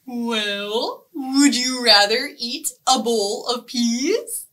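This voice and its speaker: A woman voicing a mild little piranha who coaxes his friends to eat fruit, gentle and soft-spoken. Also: a little high, very slow, recorded from a distance. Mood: coaxing. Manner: gentle, coaxing.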